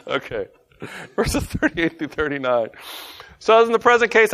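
A man with a Southern twang leads a relaxed Bible lesson, his voice pitched a touch high for a man. He jokes, laughs at his own stumbles, then reads scripture aloud in a steady teaching voice. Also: measured pace.

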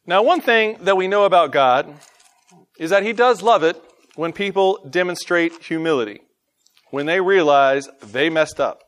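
A man with a Southern twang leads a relaxed Bible lesson, his voice pitched a touch high for a man. He jokes, laughs at his own stumbles, then reads scripture aloud in a steady teaching voice. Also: a little slow.

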